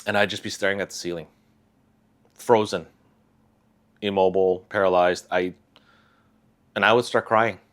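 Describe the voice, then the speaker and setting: Soft-spoken man with a low voice, halting. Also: steady tone. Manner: soft, halting, with sighs and restarts. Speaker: vlogger sharing a personal story. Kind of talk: confessional personal talk.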